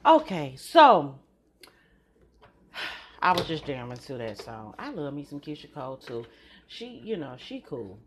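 Middle-aged woman host, chatty monologue, lowish voice. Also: a bit bright. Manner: chatty, addresses listeners as y'all. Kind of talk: casual monologue.

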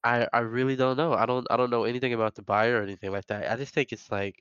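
A man's voice: mid-range voice, quick pace, smooth, dry recording. Young man, casual podcast banter, rambling storyteller, muffled lo-fi sound, dry room. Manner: rambling, laughing, animated storyteller. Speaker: podcast co-host. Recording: muffled lo-fi recording.

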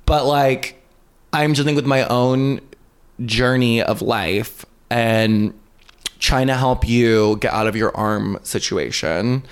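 A man co-hosting a podcast, telling a story in casual chat, animated and full of fillers and swearing. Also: medium pitch, slow, smooth. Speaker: podcast co-host.

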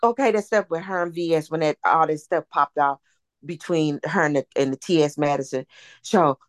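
A woman hosting a casual gossip chat, animated and swooping up high when she quotes people. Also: moderate pace, no echo, clean studio sound. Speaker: host.

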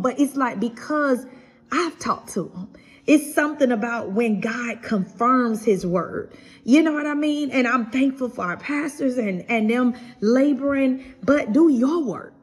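A woman's voice: on the high side, husky. A middle-aged woman hosting her own podcast, giving an earnest, preacherly devotional talk and often repeating and restarting her phrases. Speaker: podcast host giving encouragement.

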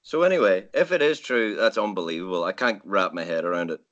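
A man's voice: deep voice, fast talker, a bit bright, muffled recording. A man chatting casually about memories, in a chatty, incredulous way. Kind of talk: casual chat.

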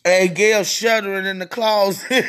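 Slow, laughing, profane podcast ranter. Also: medium pitch, a bit bright. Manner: profane and mocking, keeps breaking into laughter. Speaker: podcast host. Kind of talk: solo podcast rant.

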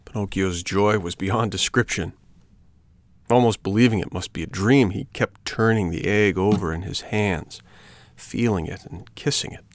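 A man reading a children's book aloud in an expressive, measured storytelling manner. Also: fairly low pitch, dry recording.

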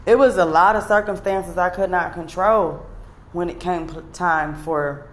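A woman's voice: lowish voice, fairly even intonation, measured pace. A woman giving an earnest, emotional confessional monologue to camera, speaking bluntly and sometimes swearing. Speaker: vlogger.

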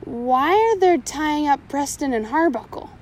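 A woman's voice: sits high, normal speed, slight background noise, natural voice. A woman voicing a timid, nervous male pirate sailor who stammers, in a storybook reading.

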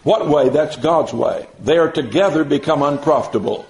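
A man's voice: a little high, darkish tone, a little hiss or hum, low-quality recording. Emphatic man preaching a sermon. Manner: emphatic, drawn-out stresses on key words; folksy everyday examples and asides.

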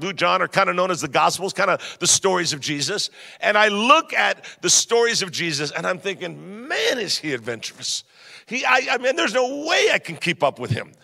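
A man's voice: high voice, fairly quick, gravelly, hardly any pauses. A man, an upbeat pastor joking through a sermon in a church hall. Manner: upbeat, joking, lively storytelling.

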